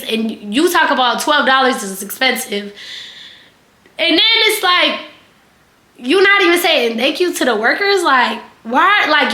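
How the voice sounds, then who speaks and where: A young woman spins a casual storytime in a high, bright voice. She talks in a chatty, animated way, dropping fillers and swear words. The sound rings a little in an echoey room. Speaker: vlogger.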